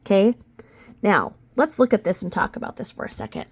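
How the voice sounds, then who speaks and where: A woman's voice: medium pitch, sing-song, a little fast, husky. A woman commentator reading court filings aloud in a casual way, with sarcastic, mocking asides and sudden outbursts.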